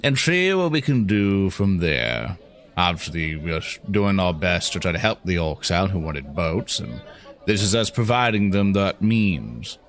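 A man's voice: low voice, sing-song, unhurried, a bit bright. A man playing a tabletop game, joking around and laughing often. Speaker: player.

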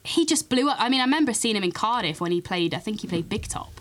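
A woman's voice: medium pitch, animated, fast, fairly bright tone. A woman guest presenter chatting casually and enthusiastically on a podcast, joining remotely by video call. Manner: chatty and enthusiastic, with laughs and fillers.

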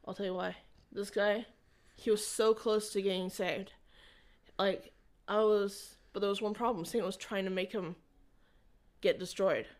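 Her pitch is a typical middle range as she shares her personal faith journey with an interviewer. The telling is casual and conversational, with halting, rambling delivery and many restarted sentences.

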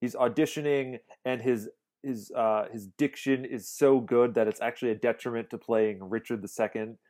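A man co-hosting a podcast, talking through a film in a thoughtful, halting way with many restarts. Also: medium pitch, steady tone, a little mellow. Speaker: podcast co-host. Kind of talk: casual film discussion.

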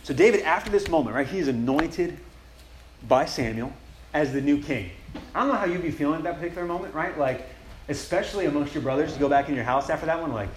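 A man preaches at a retreat in quick, loose bursts, slipping into slangy asides as he tells the story. His voice rings in an echoey room, and a faint hum of ambience sits underneath. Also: medium pitch. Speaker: campus ministry speaker. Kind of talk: casual retreat sermon.

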